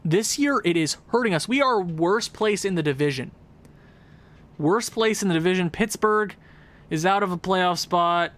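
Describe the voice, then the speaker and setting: A young man casually commenting on a hockey franchise game, growing exasperated and yelling at his team's losses. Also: high-pitched, normal speed. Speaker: gaming channel host.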